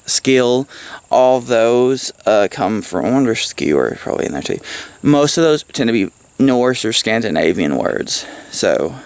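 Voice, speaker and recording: A man's voice: mid-range voice, smooth, dry recording. A man giving a casual, rambling book report at home, swearing freely and laughing at his own jokes. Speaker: book reviewer. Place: at home, with pets around.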